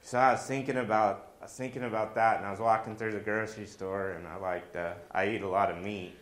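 Echoey low-voiced preacher telling stories. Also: male voice, fast talker. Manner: animated, jokey asides, acts out quoted voices. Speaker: pastor. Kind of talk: storytelling sermon.

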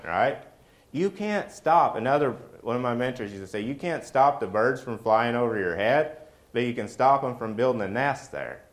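A man's voice: medium pitch, lively intonation, normal speed. A middle-aged man preaching a sermon in a conversational way, often asking the congregation questions.

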